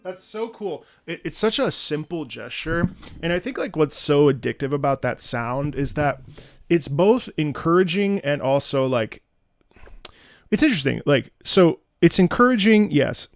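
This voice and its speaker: A man's voice: a little high, lively intonation, normal speed. A man hosting his channel, casually explaining music and humming melodies on "da" syllables, with enthusiasm and frequent restarts. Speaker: channel host.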